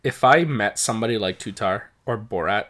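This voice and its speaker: A man co-hosting a casual chat, talking in an animated, rambling way with many restarts. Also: on the low side, a little fast.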